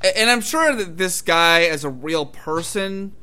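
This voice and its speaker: A man's voice: high-pitched, lively intonation, measured pace, bright, forceful tone, smooth. A man co-hosting a casual movie chat, rambling and hedging as he talks. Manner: rambling, hedging with "I mean" and "it's like".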